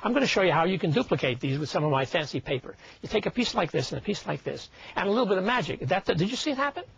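Older man with a lively, high voice. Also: racing, vocal fry, breathy edge, no echo, muffled recording. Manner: wisecracking, chatty showman. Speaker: magician. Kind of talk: comedic magic patter.

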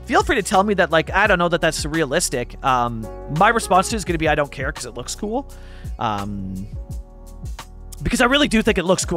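A man's voice: on the high side, sharp tone. A man from Vancouver giving casual gameplay commentary over a city-building game, rambling, chuckling often and thinking aloud. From Canada (Vancouver). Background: faint background music.

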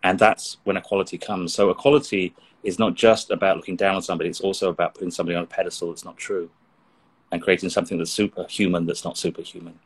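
A man's voice: deep voice, little pitch movement, quick pace, husky. A middle-aged man from England speaking as an interview guest, earnest and reflective, often repeating words as he searches for them. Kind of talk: interview conversation.

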